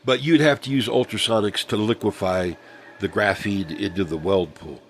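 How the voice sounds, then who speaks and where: A man's voice: on the low side, moderate pace, slight background noise. A middle-aged man, rambling through a casual vlog monologue with many ums and restarts. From Southern United States. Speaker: vlogger.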